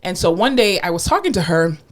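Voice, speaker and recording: A woman's voice: fairly low pitch, brisk. Woman podcast cohost, nasal-ish, blunt, swears a lot, voice jumps all over. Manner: blunt and animated, swears freely. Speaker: podcast co-host. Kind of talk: casual podcast chat.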